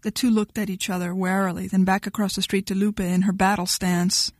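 A woman narrates an audiobook in a steady, even storytelling voice at a middle pitch. The recording is dry and close, with no room echo at all. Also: a little fast.

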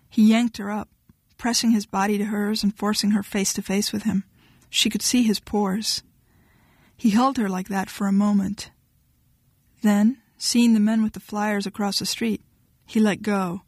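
A woman narrates an audiobook in a steady, even storytelling voice at a middle pitch. The recording is dry and close, with no room echo at all. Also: unhurried, slightly rough.

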